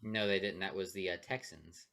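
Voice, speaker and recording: Podcast co-host, male, bright forceful tone, opinionated, flares up loud. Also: sits low, steady tone, normal speed. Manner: opinionated, loud outbursts when riled. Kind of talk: casual sports chat.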